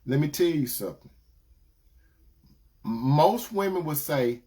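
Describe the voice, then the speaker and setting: Man with a fairly high voice, preaches relationship advice, repeats his points, swings between loud emphatic lines and soft asides. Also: animated, slow pace, long pauses. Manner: repetitive, addresses listeners as brothers and sisters. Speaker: Christian relationship advice speaker. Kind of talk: preaching-style advice talk.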